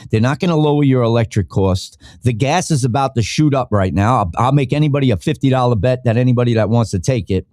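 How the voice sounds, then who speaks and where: Brief: man, podcast host, fired-up profane rant, lively swinging pitch, dry close mic. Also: no echo. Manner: heated, profane, animated. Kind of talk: ranting solo podcast talk.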